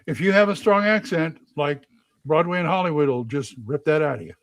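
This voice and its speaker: A man from California co-hosting a casual livestream chat, chatty and quick with asides as he talks over the others. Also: fairly high pitch, no room sound. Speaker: co-host and game master.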